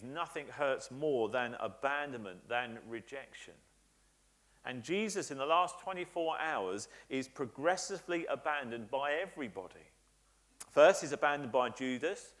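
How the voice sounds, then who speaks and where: A man's voice: medium pitch, a bit bright. A man preaching a sermon in a church, earnest and emphatic, building his points by repetition with frequent "uh" fillers. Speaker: pastor.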